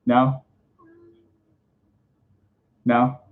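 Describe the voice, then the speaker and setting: A man's voice: mid-range voice, monotone, drawn-out words. A man hosting a casual question-and-answer chat, rambling and breaking off mid-thought. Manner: rambling, self-interrupting, chatty. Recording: dull lo-fi sound.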